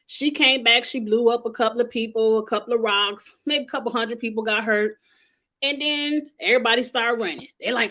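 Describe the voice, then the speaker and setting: A woman with a fairly high, bright voice talks fairly quickly in a forceful tone. She's a TV show reviewer offering casual, sassy commentary, speaking bluntly and in slang directly to the characters.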